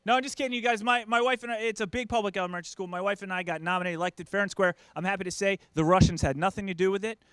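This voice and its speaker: Comedian, male, 30s: high-pitched, self-deprecating stand-up, dry close mic. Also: fairly even intonation, very fast, few pauses, fairly bright tone, smooth, dry recording. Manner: self-deprecating, acts out quoted voices.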